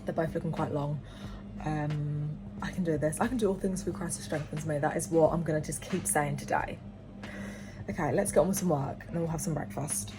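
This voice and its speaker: A woman's voice: deep voice, steady tone, fairly quick, over music. A young woman in her twenties chatting casually to camera in a home vlog, upbeat and talkative. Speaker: vlogger. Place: home, indoors.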